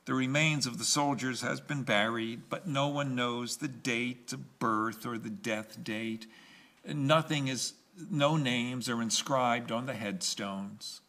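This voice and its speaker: A man preaches from the pulpit at an unhurried pace, leaning on repeated phrases and letting pauses sit. His voice sits at an ordinary middle pitch. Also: sharp tone. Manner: slow, emphatic preaching with pauses and repetition. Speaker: pastor. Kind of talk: sermon.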